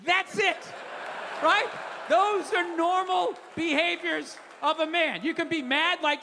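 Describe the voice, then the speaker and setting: A middle-aged man in his fifties doing a stand-up comedy set, ranting profanely and animatedly with sudden shouts. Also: very high-pitched, slow pace, gravelly, a little hiss or hum. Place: comedy club stage. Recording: roomy live theater sound. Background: audience laughter.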